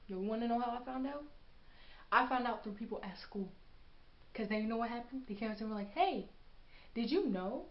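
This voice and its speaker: A young woman telling a personal story in a casual vlog, animated and sassy as she acts out what people said. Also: on the high side. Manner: animated, acts out quotes with sass. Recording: echoey room, dull lo-fi sound.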